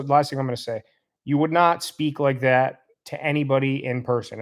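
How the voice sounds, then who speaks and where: Guy reading chat on a live stream, rambling and heated, repeating insults. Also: medium pitch.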